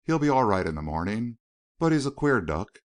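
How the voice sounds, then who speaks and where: A man's voice: medium pitch, very animated, brisk, natural voice. Parks, a man reading a deferential valet. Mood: confiding. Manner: respectful, says sir often. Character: Parks, a loyal, deferential middle-aged male valet.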